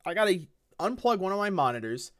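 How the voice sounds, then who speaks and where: A woman's voice: medium pitch, very animated, quick pace. A woman streaming a game live, talking bluntly to her chat and swearing heavily in frustration.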